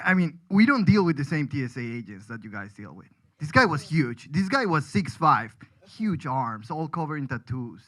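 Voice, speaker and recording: A man's voice: mid-range voice, fairly bright tone, low-quality recording. A man from Colombia, a comedian rambling through a self-deprecating stand-up set with frequent restarts.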